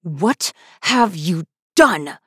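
A woman voicing a stern, exasperated queen mother who scolds in clipped, measured words. The dry, close sound keeps every sharp consonant clear. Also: on the low side, expressive, no echo, full character voice. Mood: scolding. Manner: clipped, scolding through gritted teeth.

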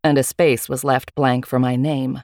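A woman reading a first-person story aloud with a wry, lively manner. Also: very deep voice, normal speed, no echo, clean studio sound. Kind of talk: storytelling narration.

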